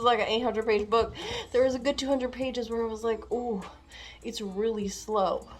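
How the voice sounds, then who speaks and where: A woman chatting casually in a reading vlog, excitable and gushing, crying out in dismay at times. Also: on the high side. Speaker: book vlogger.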